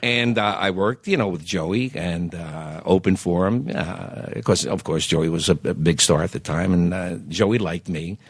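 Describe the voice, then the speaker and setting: A man's voice: low voice, unhurried, hardly any pauses, husky, no echo. An older man from South Philadelphia telling showbiz stories in a casual interview, rambling with many fillers and restarts. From South Philadelphia, USA. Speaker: guest entertainer.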